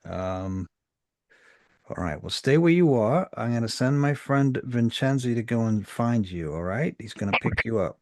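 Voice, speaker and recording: A man playing a brisk, protective woman. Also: mid-range voice, lively intonation, a little mellow, no echo, studio quality, close to an everyday voice. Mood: concerned. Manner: urgent, reassuring, takes charge.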